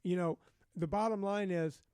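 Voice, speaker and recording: A man guesting on a podcast, talking bluntly and profanely in a lively, storytelling way. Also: high voice, moderate pace, smooth, dry recording, clean studio sound. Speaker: guest, fitness trainer. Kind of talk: casual podcast chat.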